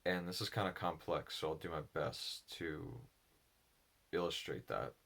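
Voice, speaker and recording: Deep-voiced man musing alone, halting and thoughtful, slow reflective delivery. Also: vocal fry, a bit bright. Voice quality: low voice. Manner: halting, thoughtful, with pauses and restarts. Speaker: solo speaker on personality psychology.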